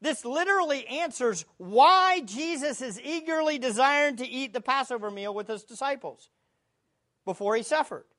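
A woman's voice: high voice, expressive, normal speed, fairly bright tone. A woman preaching a sermon, teaching from the Bible in an earnest, emphatic way and asking rhetorical questions.

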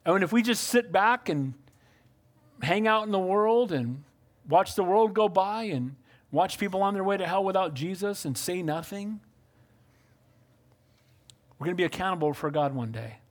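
High-voiced male pastor preaching emphatically. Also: expressive, moderate pace, pauses often. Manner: emphatic, calls for amens, reads scripture aloud. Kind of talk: sermon.

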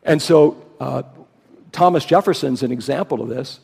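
Gravelly preacher in a reverberant hall. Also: male voice, medium pitch, normal speed, darkish tone. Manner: emphatic, rising to stress key points. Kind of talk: sermon.

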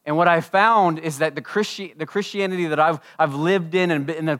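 A man preaching a sermon at a church service, impassioned, swinging between loud declarations and hushed asides. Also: a little high, normal speed, hardly any pauses. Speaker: pastor.

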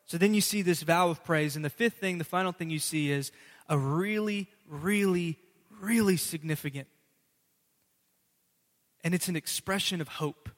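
A male pastor giving a lively, conversational sermon, often checking in with the congregation. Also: high-pitched. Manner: conversational, animated preaching with asides to the congregation. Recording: preached in a hall with long reverb.

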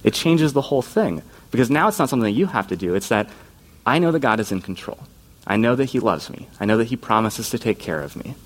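Earnest, casual male youth preacher. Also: mid-range voice. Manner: earnest and informal, often slips into quoted voices. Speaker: youth pastor. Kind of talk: conversational sermon.

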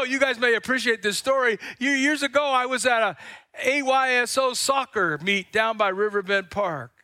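Animated older male pastor preaching. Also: very high-pitched, no room sound, studio quality. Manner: animated storytelling, acts out quotes; stumbles and repeats words. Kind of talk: sermon.

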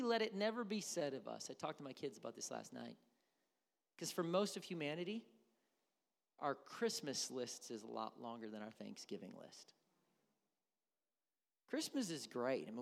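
A man's voice: fairly high pitch, vocal fry. A man preaching a sermon as pastor, with a conversational, joking manner and bits of mimicry. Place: church sanctuary. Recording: echoey hall.

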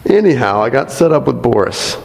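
A man's voice: mid-range voice, big pitch swings, a little fast, vocal fry, a little mellow, long reverb tail, poor audio. A man reading a congregant's testimony aloud in a church, earnest and breaking off for light asides, speaking into a microphone. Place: church sanctuary.

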